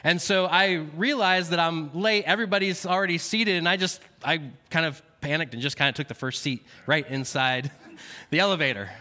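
A man's voice: fairly high pitch, normal speed, bright, forceful tone. A man preaching a sermon, telling a personal story with frequent fillers and then reading scripture aloud. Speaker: pastor. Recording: long hall reverb.

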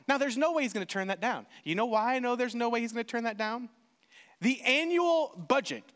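A pastor delivers a lively, expressive sermon in a high, animated voice that jumps up and down as he acts out small exchanges. The recording has the long reverb of a big hall.

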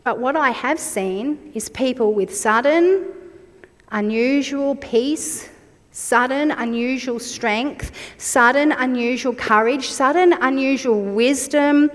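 A woman's voice: high voice, slow pace, long reverb tail. A woman in her forties preaching a sermon, reflective and personal as she shares her own story.

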